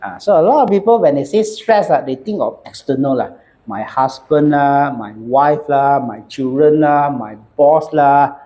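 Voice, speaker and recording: A man with a Malaysian English accent, a psychiatrist giving a lively, joking talk and mixing in local slang. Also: medium pitch, moderate pace. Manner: animated, jokey, mixes in local slang. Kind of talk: lively lecture with humor.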